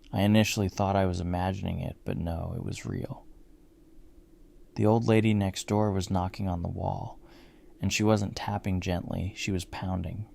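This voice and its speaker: A man with a deep, heavily gravelly voice tells a first-person horror story. His tone is dark and mellow, and he keeps a measured, grim pace of storytelling throughout.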